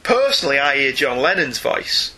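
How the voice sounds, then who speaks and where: Bright-voiced chatty English man. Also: mid-range voice, normal speed. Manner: chatty, animated, jokey asides. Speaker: podcast co-host. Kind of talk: casual comics discussion.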